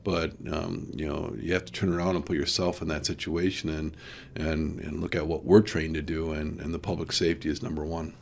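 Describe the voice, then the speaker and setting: Very deep, gravelly sheriff. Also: male voice, little pitch movement. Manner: hesitant, halting, with many restarts. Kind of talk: casual radio interview.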